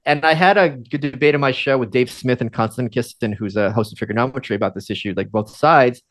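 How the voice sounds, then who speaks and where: A man's voice: mid-range voice, fast, a bit bright. A man born in Ukraine, a podcast guest giving his opinions in a casual, rambling way. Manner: opinionated, rambling, uses fillers.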